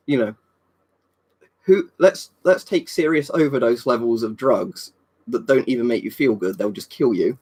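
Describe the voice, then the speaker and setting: A man's voice: medium pitch, normal speed, darkish tone, breathy edge. A young man chatting casually on a live stream, rambling, swearing freely and answering viewers' comments. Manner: rambling, swears a lot, reads and answers chat.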